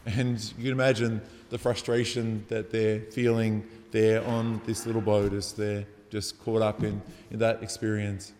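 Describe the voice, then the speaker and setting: A man's voice: fairly low pitch, level tone, unhurried, hardly any pauses, darkish tone. A man giving a sermon, reflective and conversational, asking rhetorical questions as he explains the gospel. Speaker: preacher. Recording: long reverb of a large hall.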